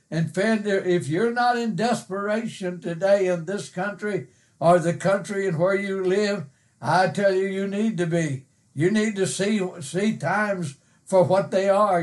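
A man delivers a sermon in a slow, measured way, pausing often with "uh" between earnest, emphatic phrases. His voice sits high for a man, and he quotes scripture in old-fashioned wording. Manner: earnest, emphatic, with frequent "uh" pauses. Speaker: preacher.

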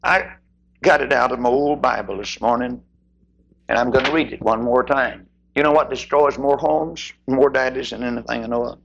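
Gravelly older preacher man. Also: normal speed, highs cut off, slight background noise. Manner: preaching with sudden swoops in pitch and loudness, shouting at peaks. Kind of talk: sermon.

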